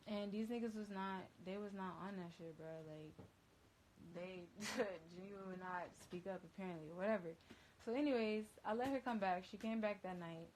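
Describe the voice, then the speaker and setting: A woman's voice: medium pitch, normal speed, a little mellow, low-quality recording. A woman DJ telling a story in casual, profane slang on a phone livestream, rambling with lots of fillers.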